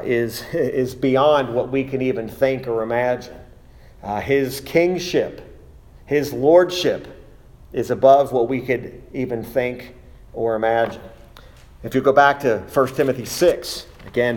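A man preaching a sermon, deliberate and emphatic, with frequent filler uhs between phrases. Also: medium pitch.

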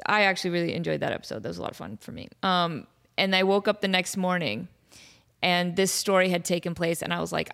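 A young adult woman hosting her podcast, telling stories in a casual, animated, self-mocking way, laughing often. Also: lowish voice, fast talker, vocal fry. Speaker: podcast host. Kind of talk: casual storytelling monologue.

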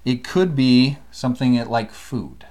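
A man co-hosting a casual scripture study, talking in a playful, animated way and laughing often. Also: mid-range voice, measured pace. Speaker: co-host teaching scripture.

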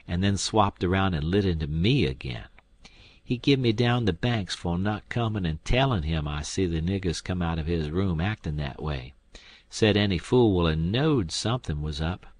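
A man's voice: low-pitched, darkish tone, dry recording. A man reading an audiobook aloud, narrating in a plain, folksy storytelling manner.

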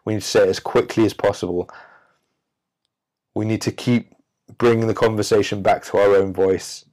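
A man hosting a self-help podcast, speaking emphatically with drawn-out pauses and a preachy tone. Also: fairly low pitch, fairly even intonation, a little mellow. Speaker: podcast host. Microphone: audio-only recording.

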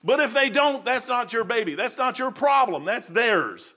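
A man's voice: very high voice, animated, normal speed, bright, forceful tone. A middle-aged man from Kentucky giving a folksy, conversational sermon, often saying "man". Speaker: preacher. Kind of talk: informal sermon.

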